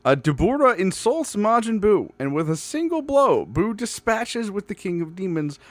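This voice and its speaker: A man's voice: high voice, big pitch swings, normal speed, no room sound. A young man co-hosting a podcast in casual chat, making wry quips and reading out episode titles. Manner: dry quips and laughs, reads episode titles. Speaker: podcast co-host. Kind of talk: casual chat recapping an anime.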